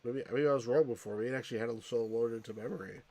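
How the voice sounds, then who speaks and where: A man's voice: medium pitch, very fast, warm tone. A man casually commenting on a retro computer game as he plays, rambling and often restarting his sentences. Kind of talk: casual let's-play commentary.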